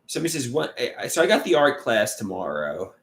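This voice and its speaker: A man hosting a casual livestream and reading out chat comments. He talks haltingly, with restarts, and sounds frustrated and glum. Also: mid-range voice, big pitch swings, vocal fry, a bit bright. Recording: echoey room.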